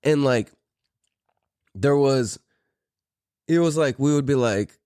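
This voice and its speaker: In clean studio sound with no room echo, a middle-aged man from Mira Mesa, San Diego, speaks slowly in a mid-range voice that's dark, clear, and resonant. Hosting his podcast, he tells a story in a laid-back, profane storytelling chat, laughing often.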